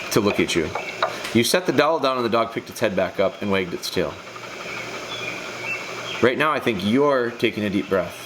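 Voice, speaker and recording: Low-voiced man coaching through a video. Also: background noise. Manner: direct, coaching, repeats phrases for emphasis. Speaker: dog trainer reviewing a video. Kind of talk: casual video breakdown commentary.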